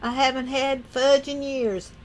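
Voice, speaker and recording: A woman's voice: high voice, little pitch movement, a little slow. A woman chatting casually with viewers on a livestream from home, rambling and folksy. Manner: rambling, folksy, laughs often. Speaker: livestream host.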